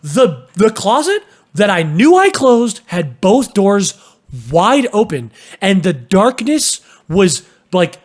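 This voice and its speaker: A young man co-hosting a casual podcast, telling stories in an animated way and swearing freely. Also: sits high, slow pace. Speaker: podcast co-host.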